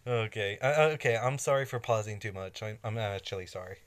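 A man commenting casually on a cartoon in a reaction video, pausing often and laughing along. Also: lowish voice, music in the background.

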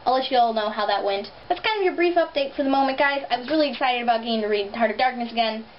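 A woman's voice: fairly high pitch, rapid-fire. Chatty young woman with a slight lisp. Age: young adult. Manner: animated, sarcastic, chatty. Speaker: vlogger. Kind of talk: casual vlog chat. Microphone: built-in camera mic. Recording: dull lo-fi camera audio, faint hiss.

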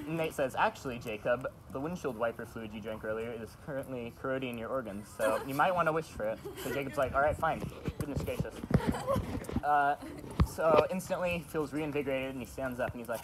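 A man's voice: mid-range voice, fairly quick, heavy background noise. A young man improvising a story at a house party, rambling and stopping himself with chuckling asides. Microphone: phone camera.

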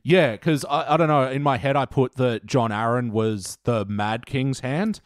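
A man's voice: mid-range voice, a little slow, no room sound, clean studio sound. Laid-back, swearing podcast co-host man. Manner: laid-back, swears casually, laughs often. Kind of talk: casual chat.

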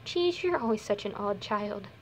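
A woman's voice: animated, normal speed, slight background noise. A young woman vlogging at home by a bunny cage. She talks casually to her viewers and coos and scolds the pets in a sing-song voice, with the camera resting on her knees. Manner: chatty, coos and scolds pet bunnies in a high sing-song voice. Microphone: handheld camera set on her knees.

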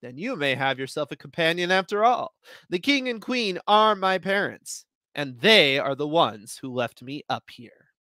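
A man reading the part of a mischievous, sharp-tongued young princess in a story reading. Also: fairly high pitch, sing-song, measured pace, no echo, full character voice. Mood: teasing.

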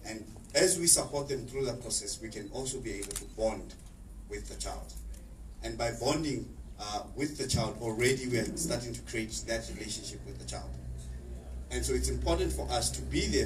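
A middle-aged man speaking on a panel, earnest and repeating words as he searches for them. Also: mid-range voice. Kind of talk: panel discussion speech. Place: exhibition hall. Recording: echoey hall, distant mic, faint noise.

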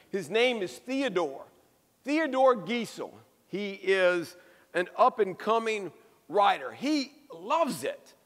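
A man preaching a sermon as a pastor, telling a story with lively emphasis and repeated phrases. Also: high voice. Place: church. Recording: echoey church hall.

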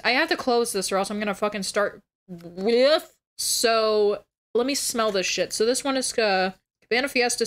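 A woman's voice: fairly high pitch, a bit bright. A woman streamer chatting casually on a livestream, blunt and crude, swearing freely.

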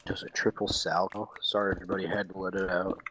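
A man's voice: low voice, level tone, fast talker, noisy background. A man chatting casually while playing a video game, with offhand jokes. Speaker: gaming commentator. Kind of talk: casual gaming chat.

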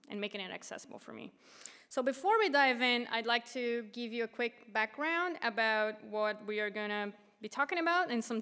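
A woman's voice: medium pitch, fairly bright tone, clean tone. A woman from Brazil giving a conference talk as an activist, casual and conversational with many fillers. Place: large conference hall. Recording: long hall reverb.

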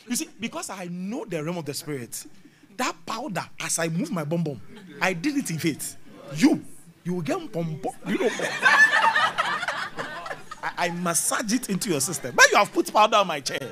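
A man preaching a sermon, swinging between loud, emphatic lines and low murmurs, and laughing at his own jokes. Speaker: pastor.

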